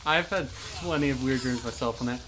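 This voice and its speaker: A man's voice: medium pitch, a little fast, fairly bright tone, a little hiss or hum. A man co-hosting a Let's Play, casually telling a story and laughing as he goes. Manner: laughs through his storytelling. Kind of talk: casual chat while gaming.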